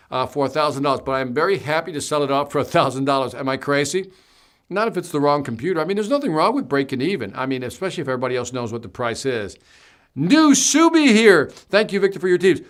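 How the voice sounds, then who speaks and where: A man's voice: mid-range voice, a bit bright. A man hosting a live stream, reading viewer comments aloud and answering them in a chatty, upbeat way.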